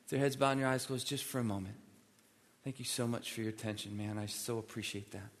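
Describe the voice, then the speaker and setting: A man's voice: medium pitch, steady tone, quick pace. A male pastor preaching a sermon in a church, emphatic and pleading, repeating his points for emphasis. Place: church sanctuary. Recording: long reverb of a large hall.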